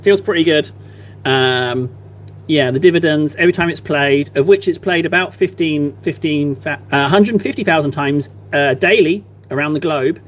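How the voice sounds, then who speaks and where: Slightly high, teasing male streamer. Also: moderate pace, a little hiss or hum. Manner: playful, teasing, mock-innocent banter with chat. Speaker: streamer painting miniatures. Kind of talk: casual live-stream chat while painting. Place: at a desk, painting.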